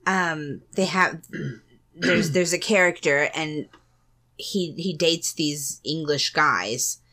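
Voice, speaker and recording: A woman co-hosting a podcast in relaxed casual chat, laughing often and steering the topic. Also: sits low, takes it slowly. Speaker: podcast co-host.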